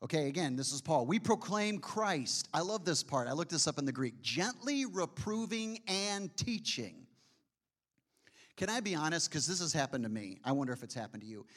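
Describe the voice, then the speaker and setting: A man preaching a sermon in a conversational way, often asking his listeners questions and slowing to a hush on key phrases. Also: mid-range voice, animated.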